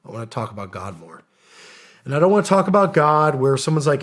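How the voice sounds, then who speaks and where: A man's voice: a little high, animated, fast talker. Earnest man telling his story. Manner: earnest, acts out quoted dialogue, casual slang. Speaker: podcast guest, former special operations soldier. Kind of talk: casual storytelling interview.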